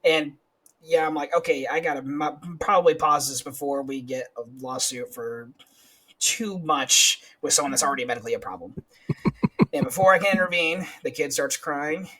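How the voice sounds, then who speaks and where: Husky laughing storyteller man. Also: a little high, moderate pace, sharp tone, low-quality recording. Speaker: podcast co-host, corrections officer. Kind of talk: casual storytelling chat.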